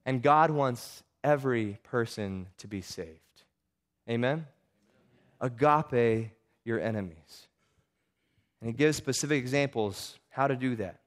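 A man's voice: medium pitch, unhurried. Earnest man preaching a sermon. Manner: earnest, repeats words while building points. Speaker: pastor.

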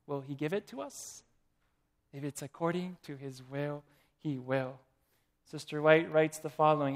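A man's voice: a little high, unhurried, pauses often. A man preaching a sermon, asking the congregation questions and reading quotations aloud.

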